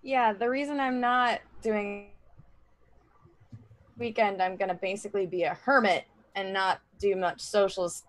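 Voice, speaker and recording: A woman who writes books, a player on a live role-play stream, chatting casually in a modest, soft-spoken way. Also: mid-range voice, steady tone, unhurried, no room sound. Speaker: author and player. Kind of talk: casual chat.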